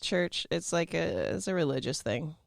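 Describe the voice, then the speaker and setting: A woman's voice: low voice, expressive, normal speed, gravelly, dry recording, clean studio sound. A woman co-hosting a casual podcast chat, bubbly and giggly, often trailing off with fillers. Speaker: podcast co-host.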